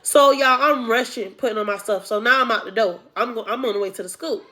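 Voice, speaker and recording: A young woman vlogger telling a casual storytime, animated and acting out the people she quotes. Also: on the high side, quick pace.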